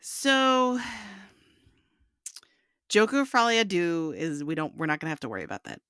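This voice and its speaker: A woman's voice: on the low side, big pitch swings, normal speed, a bit bright, clear, resonant tone, no room sound, clean studio sound. A woman co-hosting a podcast in casual chat, talking in a chatty, hedging way full of filler words. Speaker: podcast co-host.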